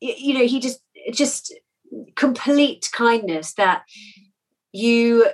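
Brief: female faith podcast co-host, fairly high voice, reflective, rambling. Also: takes it slowly. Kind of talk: casual faith discussion.

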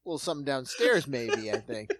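A woman's voice: very deep voice, sing-song, normal speed, breathy edge, no room sound. A woman co-hosting a podcast in casual chat. She throws in short, dry, teasing quips and laughs.

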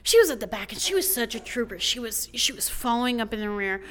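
A woman's voice: a little high, animated, fast, a bit bright. A woman telling a personal story to an audience, emotional and piling up complaints in long runs. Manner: emotional, building lists of complaints. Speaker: storyteller on stage.

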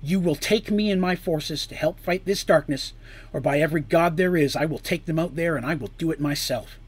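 A man's voice: a little high, fairly quick, husky. A man voicing a fierce commanding queen. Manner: forceful, commanding.

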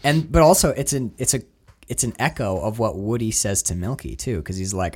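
A man hosting a podcast, talking casually and animatedly about a film. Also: fairly low pitch. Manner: animated, quick to laugh. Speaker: podcast host.

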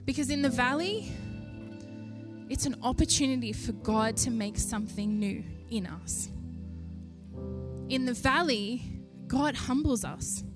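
A young woman preaching a sermon in an animated way, lifting her voice to stress each point. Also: fairly high pitch, measured pace, over music. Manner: animated, rising with emphasis, laughs between points.

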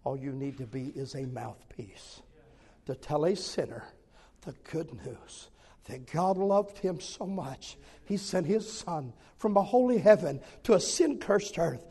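A man preaching a sermon and telling a personal story in an animated way, repeating phrases for emphasis. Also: on the high side, unhurried, husky, in a large hall.

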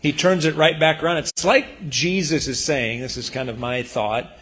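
A man's voice: a little high, steady tone, moderate pace, fairly bright tone. A male pastor preaching in a church, talking in an earnest, conversational way with emphatic bursts. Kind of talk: sermon.

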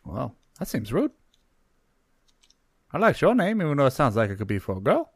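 A man's voice: medium pitch, huge pitch swings, normal speed, husky, dry recording, studio quality, pitched above the performer's own voice, full character voice. A man voicing a small, friendly male gnome tinkerer who talks in an eager, rambling way. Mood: chatty.

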